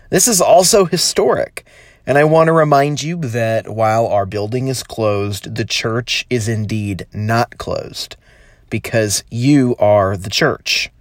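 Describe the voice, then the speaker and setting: A man's voice: medium pitch, no room sound, clean studio sound. Earnest pastor speaking into his phone. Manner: earnest, welcoming, measured with slow emphatic phrases. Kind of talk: informal recorded sermon. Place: at home, not in the sanctuary.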